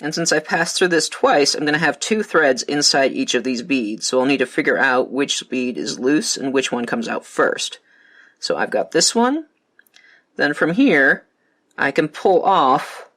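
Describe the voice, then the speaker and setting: A man leads a craft tutorial, walking through each step in a calm, methodical way. His voice sits a little high and sounds bright and clear, and the pace stays even throughout. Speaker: beading instructor.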